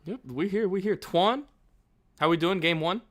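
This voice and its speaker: A man's voice: high-pitched, normal speed. A man hosting a casual sports podcast, upbeat and chatty. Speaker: podcast host.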